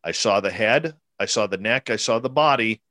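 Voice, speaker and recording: A man's voice: fairly low pitch, lively intonation, normal speed, sharp tone, no room sound. Emphatic storytelling man in his forties. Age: 40s. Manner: emphatic, repetitive, acts out quotes. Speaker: interviewee recounting an encounter. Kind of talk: animated personal storytelling.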